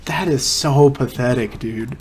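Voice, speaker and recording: A young man giving casual reaction commentary, excitable, swearing and laughing as he talks. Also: medium pitch, a little slow, husky. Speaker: reaction streamer.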